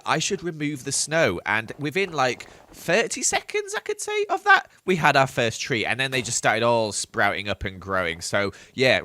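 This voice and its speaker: A man's voice: mid-range voice, bright, forceful tone, no room sound. A man narrating his game footage in a playful, self-mocking voice-over, recorded while he has the hiccups. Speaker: Minecraft YouTuber.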